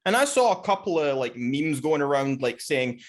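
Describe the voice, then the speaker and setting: A man's voice: on the high side, sing-song, moderate pace. A man talking as a guest on a podcast, smug and pedantic, correcting the host as he argues. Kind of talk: argumentative podcast chat.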